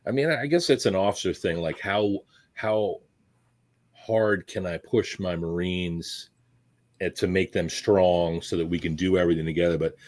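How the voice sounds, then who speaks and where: A man's voice: low-pitched, moderate pace, a little mellow. A man hosting a casual chat, talking bluntly and swearing freely. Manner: blunt, profane, conversational. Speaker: host.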